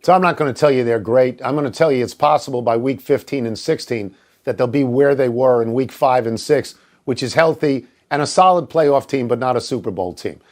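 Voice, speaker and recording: A man's voice: mid-range voice, a little fast, a little mellow. An older man co-hosting a sports talk show, arguing his points bluntly and emphatically, with a self-mocking streak. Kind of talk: sports debate.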